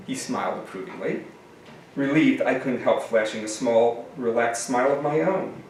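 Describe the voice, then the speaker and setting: A man reading aloud from his own novel with expression, then summarizing it in halting speech with many fillers. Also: mid-range voice. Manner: expressive reading, halting and filler-laden when talking freely. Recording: echoey room, mic at a distance, faint noise.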